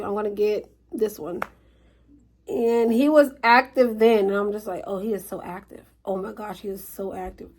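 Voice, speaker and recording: A woman telling a story about her neighbors in a casual vlog, acting out quotes with lively swings and sometimes dropping to a whisper. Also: a little high, poor audio. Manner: animated storytelling, acts out quotes, drops to a whisper at times. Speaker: vlogger.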